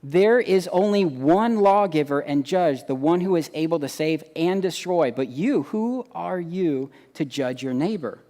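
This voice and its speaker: A man preaching a sermon, animated, acting out quoted voices and swinging between loud emphasis and hushed asides. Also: fairly high pitch, measured pace, hardly any pauses, in a large hall. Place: church hall.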